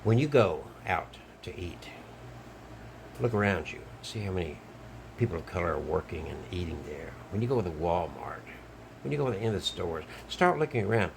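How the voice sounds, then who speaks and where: A man's voice: low voice, lively intonation, a little fast, vocal fry, background noise. An older man from Alabama, talking bluntly in a rambling monologue full of fillers. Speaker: video commentator. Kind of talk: casual monologue to camera.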